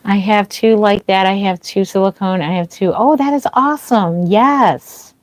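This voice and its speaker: Speaking at a medium pitch and moderate pace, a woman livestreams from her home nursery as a reborn doll artist. She chats with viewers, thanks them by name, leans on plenty of fillers, and has a slightly dry throat. Her voice comes through a worn microphone with no room sound.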